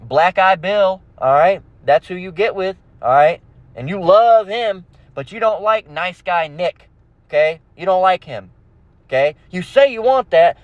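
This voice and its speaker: A man's voice: sits high, no echo. Profane ranting man, lo-fi sound. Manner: aggressive, profane, repeats "all right?". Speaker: religious channel host. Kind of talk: ranting monologue.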